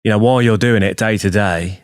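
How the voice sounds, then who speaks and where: A man hosting a podcast, talking in a reflective, supportive way. His voice sits somewhat low. The recording is dry and close. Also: a little fast, no echo. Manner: supportive, reflective, frequent "yeah" backchannels. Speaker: podcast host. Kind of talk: casual interview chat.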